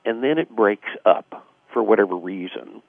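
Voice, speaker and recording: A man with a low, gravelly, husky voice talks reflectively as a radio guest, piling on fillers. He comes through a tinny, dry phone line. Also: expressive, normal speed, no room sound. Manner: reflective, acts out quoted dialogue, frequent fillers. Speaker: guest author. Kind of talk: casual radio interview explanation.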